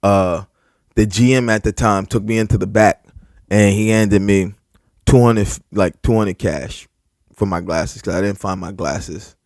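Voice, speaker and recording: Co-hosting a podcast, this man tells a story with animated energy, swearing freely and stumbling through lots of filler words and restarts. His voice sits on the low side and moves at a measured pace, captured in a dry, studio-quality recording.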